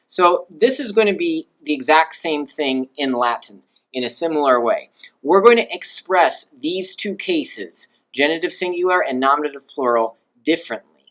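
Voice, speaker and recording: A male language teacher giving a recorded lecture over slides, explaining patiently and voicing example phrases to show how his pitch rises and falls. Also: lively intonation, unhurried, fairly bright tone, poor audio.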